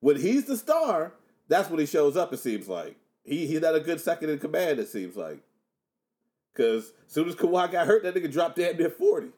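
Animated man in loose joking banter. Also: fairly high pitch, moderate pace. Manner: joking, cracks himself up with loud laughter; rambling banter full of slang and restarts. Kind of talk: casual chat.

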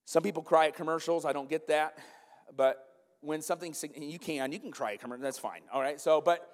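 A man preaching a sermon in a church, animated and emphatic, often turning to the congregation with asides. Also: fairly high pitch, normal speed. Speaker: pastor. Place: church sanctuary. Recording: long church-hall reverb.

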